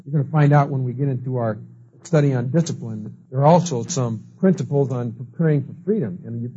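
A man's voice: mid-range voice, mellow, slight background noise. A man teaching a class, telling stories and acting out the people he quotes. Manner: storytelling, acts out quoted people. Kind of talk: lecture with anecdotes. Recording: dull lo-fi recording.

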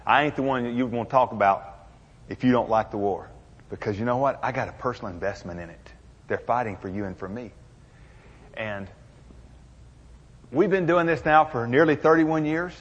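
A man's voice: mid-range voice, moderate pace, pauses often. Older man, folksy speaker with jokes, lo-fi recording in a reverberant hall. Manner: folksy, humorous, drawling storyteller. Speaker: motivational speaker. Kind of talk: storytelling speech to an audience. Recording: muffled, echoey hall.

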